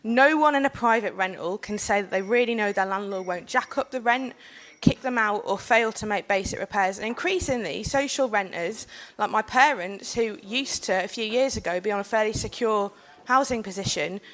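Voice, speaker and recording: Woman with a cold, ranting passionately at a panel, mid pitch, lots of ums. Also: moderate pace. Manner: earnest, forceful, with filler ums. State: has a cold. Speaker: panel speaker. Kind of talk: impassioned public speech.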